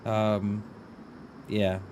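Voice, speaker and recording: Chatty streamer with a light Mid Welsh accent. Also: male voice, lowish voice, completely flat delivery, very slow, darkish tone, slight background noise. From Mid Wales. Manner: chatty, musing, answers chat with "mate". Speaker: live streamer. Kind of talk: casual gaming commentary.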